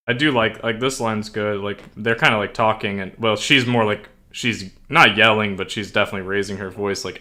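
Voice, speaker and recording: A young male streamer chats casually and rambles, filling his sentences with fillers. His voice sits fairly low but comes across bright and forceful, with a tense edge. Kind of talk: casual chat.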